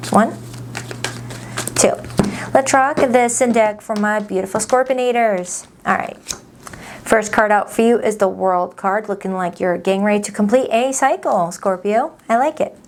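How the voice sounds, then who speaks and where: A woman's voice: mid-range voice, normal speed. A woman doing a tarot reading, talking to her viewers in a chatty, upbeat way. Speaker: tarot reader. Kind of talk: casual tarot reading to camera.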